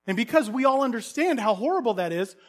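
Man, thirties, lively pastor, high voice, acts out stories in a sermon. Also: fast. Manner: animated storytelling, acting out characters, bursts of loud calls.

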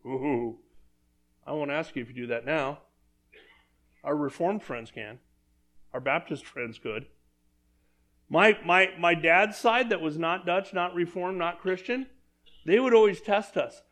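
A man's voice: fairly high pitch, measured pace, pauses often, fairly bright tone. A man preaching a sermon in a church, talking conversationally and asking the congregation questions. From Southern California. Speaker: pastor.

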